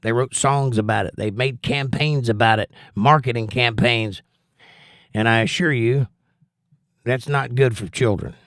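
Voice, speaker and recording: A man's voice: mid-range voice, unhurried, fairly bright tone, no room sound. Opinionated Southern man reading chat, dry sound. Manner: opinionated, preachy asides. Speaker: livestream host reading chat. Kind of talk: casual livestream chat.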